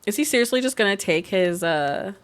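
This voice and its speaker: A woman's voice: mid-range voice, brisk. Giggly woman narrating her life-sim game. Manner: animated, laughs often, exclaims at the game. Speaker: gaming channel host. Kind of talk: casual gameplay commentary.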